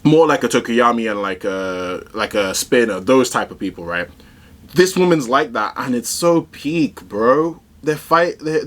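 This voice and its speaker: A man giving casual, excitable reaction commentary on a manga chapter, rambling with slang and fillers. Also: fairly high pitch.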